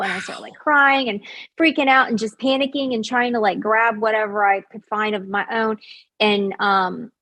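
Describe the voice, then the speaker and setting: A woman guest telling a personal story in a casual, animated way, full of "like" and acting out what others said. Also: medium pitch, moderate pace. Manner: animated, acts out quoted voices; frequent fillers like "like".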